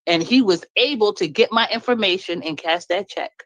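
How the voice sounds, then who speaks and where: A woman's voice: mid-range voice, moderate pace, fairly bright tone, no echo, poor audio. A woman speaking up in an online talk room, venting bluntly and emphatically about her marriage and laughing as she talks. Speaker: caller sharing her story.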